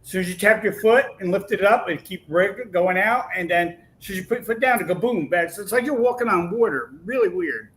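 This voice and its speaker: A man with a bright, slightly higher voice tells his story in a lively, animated way, slipping into the voices of the people he quotes. His speech is casual and full of restarts, and a faint hum sits behind him. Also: a little fast, hardly any pauses, poor audio. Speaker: podcast guest.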